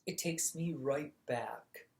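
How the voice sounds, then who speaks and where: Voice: medium pitch, slow pace. A storyteller voicing a kindly, absent-minded old king who speaks in a genial, reminiscing way, in a storybook reading.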